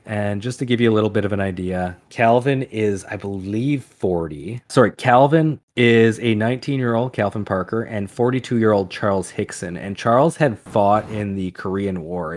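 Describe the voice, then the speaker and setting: A man co-hosting a podcast, telling a story in a chatty, loose way and correcting himself as he goes. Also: on the low side. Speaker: podcast co-host. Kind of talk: casual storytelling.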